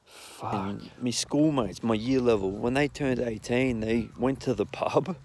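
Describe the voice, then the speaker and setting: A man's voice: mid-range voice, measured pace, a little mellow, a little hiss or hum. A young man with an Australian accent telling rambling, profane anecdotes in a blunt, casual way. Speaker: storyteller.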